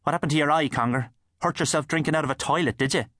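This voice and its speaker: A man's voice: fairly high pitch, fast talker, fairly bright tone, no echo, studio quality, voice pushed up. A man with an Irish accent voicing a cocky, sarcastic town boy in an audiobook. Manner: cheeky, sarcastic. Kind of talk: audiobook character voice.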